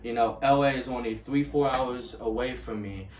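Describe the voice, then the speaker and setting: A man in his early twenties, swearing constantly as he rants casually about sports loyalty and gets loud and heated. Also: mid-range voice, normal speed, distant mic, slight background noise. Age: 20s. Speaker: vlogger. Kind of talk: casual ranting monologue. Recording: echoey room, voice off-mic.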